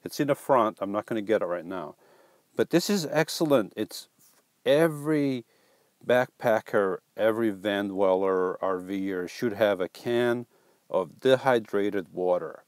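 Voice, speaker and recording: A man's voice: on the low side, lively intonation, unhurried, a little mellow, dry recording. A man hosting a casual live stream, reading viewer comments aloud and joking back with playful teasing and stumbling restarts.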